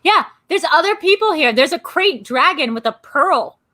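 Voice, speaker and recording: A woman hosting a live stream, chatting casually and ranting in quick asides. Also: high-pitched, lively intonation, bright, forceful tone. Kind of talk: casual chat.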